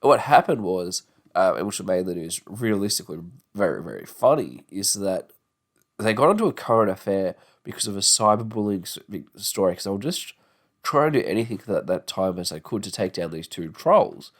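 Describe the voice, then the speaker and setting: A low-voiced Australian guy rants casually on his podcast, fairly quick and with lively intonation. He rambles, swears freely, and puts on mocking voices, though his tongue and jaw are sore.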